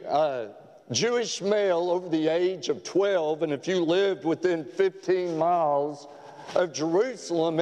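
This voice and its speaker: Pastor, man; warm folksy sermon delivery, mellow tone, lingering hall echo. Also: sits high. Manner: folksy storyteller with gentle humor. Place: church sanctuary. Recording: long church hall reverb.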